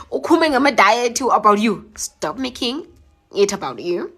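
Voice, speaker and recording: A young woman with a mid-range, bright, forceful voice speaks with big pitch swings, teary after crying. On a phone live stream she answers comments earnestly and emotionally. Her delivery is heartfelt and halting, full of fillers.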